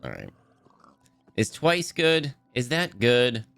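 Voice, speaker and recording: A male streamer talks casually with his viewers, laughing often and swinging his pitch up and down. His voice sounds a little worn from a day of talking. He is close on a dry desk mic, with faint game music underneath. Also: wildly swooping pitch, takes it slowly, vocal fry, a bit bright, dry recording. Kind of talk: casual live-stream chat.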